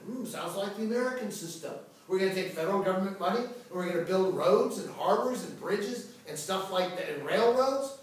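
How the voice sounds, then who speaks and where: Animated male teacher in an echoey classroom. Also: high voice. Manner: animated, dramatic, jokey asides. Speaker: history teacher. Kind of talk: classroom lecture. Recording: echoey room, voice from far off.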